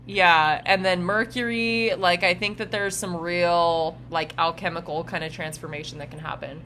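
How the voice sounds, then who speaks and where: A woman's voice: fairly low pitch, fairly even intonation, moderate pace, bright, forceful tone, a little hiss or hum. A young woman co-hosting a casual spiritual podcast, talking loosely with frequent laughter and fillers. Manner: laughs often, many fillers. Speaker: podcast co-host.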